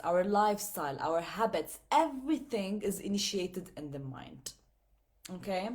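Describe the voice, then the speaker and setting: Earnest woman giving a motivational talk. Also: mid-range voice. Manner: earnest, repeats phrases for emphasis, acts out inner voices. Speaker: self-help host.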